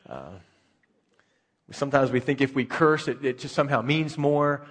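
A man's voice: mid-range voice, fairly even intonation, moderate pace, fairly bright tone, long reverb tail. A male pastor preaching a sermon in a conversational way, asking rhetorical questions.

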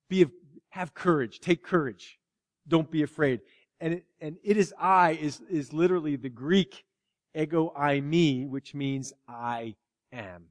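High-voiced preacher in a reverberant hall. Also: male voice. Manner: animated, swings from loud to hushed, acts out quotes. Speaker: pastor. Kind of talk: sermon.

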